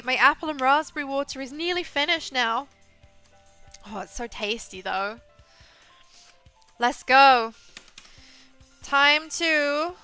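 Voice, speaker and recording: Brief: bright, chatty woman streamer with a softened Southwest English accent, game music low underneath. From England. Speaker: VTuber streamer. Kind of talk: casual gaming commentary.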